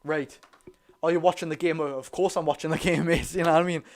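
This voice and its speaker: Fast-talking Geordie man commentating football. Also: on the high side. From North East England. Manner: talks very fast; animated, cheers players on. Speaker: fan host of a live watch-along. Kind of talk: excited live football commentary.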